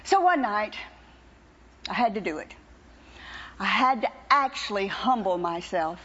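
An older woman, a preacher's wife, telling a personal testimony to a congregation in an animated, teasing, wry way. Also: medium pitch, measured pace, in a large hall, muffled recording, a little hiss or hum.

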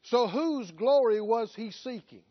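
A man's voice: very high-pitched, measured pace, husky. A man preaching a sermon, pressing his points with emphatic rhetorical questions. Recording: dull lo-fi recording.

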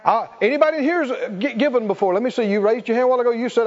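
Man preaching, high voice, call-and-response, muffled recording. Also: very fast, a little mellow, long reverb tail. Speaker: pastor. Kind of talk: sermon.

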